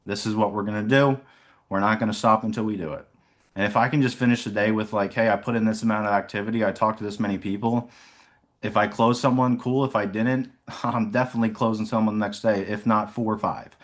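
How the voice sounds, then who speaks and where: Speaking fast with a low-leaning voice and fairly even intonation, a young man who sells insurance chats casually on a video call about his mindset. It's rambling, reflective talk full of fillers and frequent laughs.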